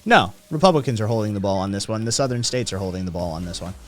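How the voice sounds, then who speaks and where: A man's voice: fairly low pitch, animated, very fast, faint music behind. A man hosting a casual livestream, reading statistics and chat messages aloud and reacting with profane, sardonic comments.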